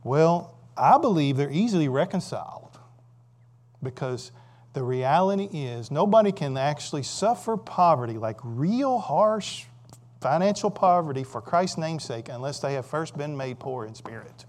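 Man preaching, quick rhetorical questions. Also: on the high side, expressive. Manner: swings between loud emphatic and quiet asides. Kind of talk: sermon.

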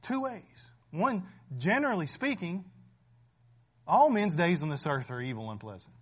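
A man in his forties preaching a sermon in a conversational way, often asking "right?" and building to loud, emphatic peaks. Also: sits high, very animated, moderate pace, slightly rough. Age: 40s.

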